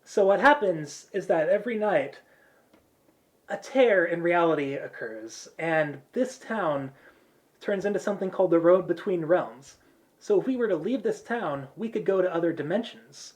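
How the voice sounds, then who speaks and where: A man's voice: high voice, lively intonation, moderate pace. A man voicing a knowing young woman who explains lore emphatically. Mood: explaining.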